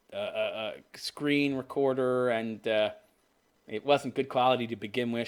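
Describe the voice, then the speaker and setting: A man's voice: medium pitch, fairly bright tone, clear, resonant tone. A man in his fifties hosting a ranting commentary show, mocking and profane, often breaking into laughter. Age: 50s.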